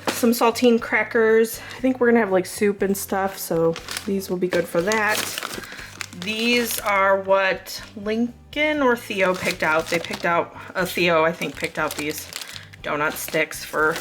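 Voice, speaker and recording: Over music, a woman shows off her grocery haul in a casual vlog chat. She's in her thirties with a Southern US accent, speaks at medium pitch and a measured pace, and rambles with plenty of fillers.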